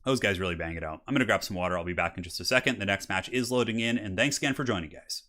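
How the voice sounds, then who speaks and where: A man's voice: lowish voice, racing, sharp tone. A young man casually commentating a strategy game tournament on a live stream, chatting with viewers and reacting to the replays. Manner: chatty, upbeat, reads and answers chat.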